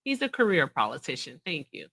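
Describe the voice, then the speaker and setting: A woman's voice: low-pitched, sing-song, brisk, vocal fry, bright, forceful tone. A woman hosting a casual interview and reaction chat, talking in a blunt, teasing, confrontational way. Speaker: host.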